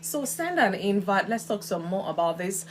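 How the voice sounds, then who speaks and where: A woman's voice: mid-range voice, animated, normal speed. Woman host for a casual live stream, friendly chatter, mid-range voice, thanks viewers by name. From Nigeria. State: coughing from kitchen fumes.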